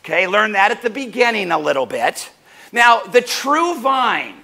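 Male pastor mid-sermon; high, bright voice, playful, acts out short exchanges. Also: normal speed, creaky. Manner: animated, swings up and down in pitch and loudness; jokey, acts out doorstep conversations in little voices. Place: church service.

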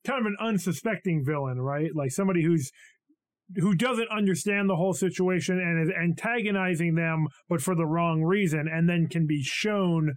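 A man's voice: on the high side, moderate pace, no room sound. A man co-hosting a podcast in casual chat, with dry, sarcastic humor. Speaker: podcast co-host.

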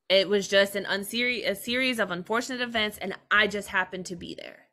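Bright-voiced young woman opening up. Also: medium pitch, fairly quick. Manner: open, earnest, laughs while telling hard things. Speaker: podcast guest. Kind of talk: candid personal conversation.

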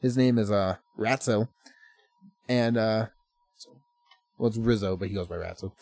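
A man's voice: fairly low pitch, unhurried, a little mellow, no echo. Rambling man, close and dry. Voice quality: swearing, rambling, laughs often. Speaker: podcast co-host. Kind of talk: casual chat.

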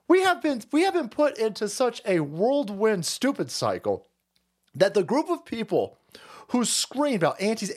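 A man's voice: high-pitched, very animated, moderate pace, a little mellow. A man ranting on a political livestream, profane and mocking, often breaking into laughter. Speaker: political commentary streamer. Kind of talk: livestream rant.

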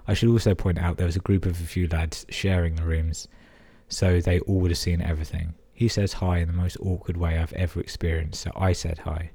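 A man's voice: low-pitched, little pitch movement, brisk, gravelly, hardly any pauses, mellow, breathy edge. A young English man hosting a podcast, reading listener emails aloud and cutting in with sarcastic, sweary commentary. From England. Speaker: podcast host.

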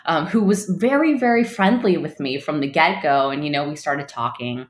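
A woman with a low, dark voice tells an animated story on a casual chat show, laughing often and slipping into the voices of the people she quotes. The sound carries a noticeable room echo. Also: moderate pace. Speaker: podcast co-host, restaurant recruiter.

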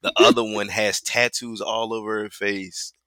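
A man co-hosting a podcast, telling an animated story with laughter and mimicking other people's voices. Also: on the low side, moderate pace. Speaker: podcast co-host. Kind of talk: casual storytelling chat.

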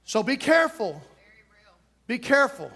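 A man's voice: extremely high pitch, very animated, normal speed, bright, forceful tone, husky. A man preaching a sermon, emphatic and repetitive, with touches of humor.

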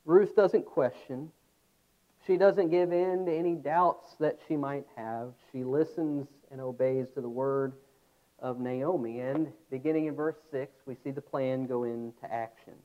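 A man preaching a sermon, earnest, with reflective pauses. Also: medium pitch, fairly even intonation. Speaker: pastor. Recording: tinny phone-like sound.

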